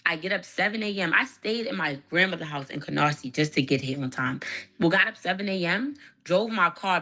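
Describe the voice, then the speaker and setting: A woman's voice: fairly low pitch, pushed and bright. A woman with a Brooklyn accent ranting heatedly about a bad salon visit, with heavy swearing. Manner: heated, profane, livid. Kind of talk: angry storytime rant.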